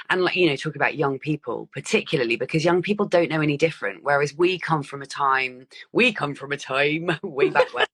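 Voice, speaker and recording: A woman co-hosting a podcast in casual reflective chat, thoughtful and rambling, with many small fillers. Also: a bass voice. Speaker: podcast co-host.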